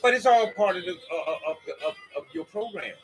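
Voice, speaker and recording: Male host, high bright voice, rambling preachy talk, faint music behind. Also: lively intonation, brisk, low-quality recording. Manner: rambling, preachy, swears, talks to listeners as y'all. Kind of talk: casual spoken monologue.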